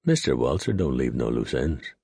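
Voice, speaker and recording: A man voicing a blunt, gruff Cockney cab driver in an audiobook reading. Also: extremely low pitch, sing-song, moderate pace, mellow, dry recording, studio quality, heavily acted.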